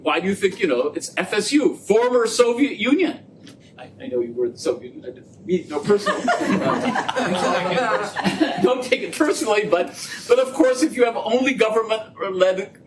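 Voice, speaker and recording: A man speaking at a public lecture, fielding questions in an animated, joking way and acting out bits of dialogue. His voice sits a little high for a man. A faint low rumble runs underneath. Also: normal speed, low-quality recording. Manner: animated, jokey storytelling with quoted dialogue. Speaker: guest speaker on trade policy. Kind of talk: lecture and audience Q&A. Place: lecture venue.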